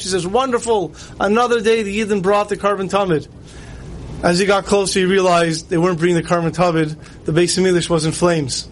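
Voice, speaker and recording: A man's voice: high-pitched, a little hiss or hum, rough recording. A man giving a sermon, telling stories and acting out the quoted lines with rising emotion. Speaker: rabbi giving a talk.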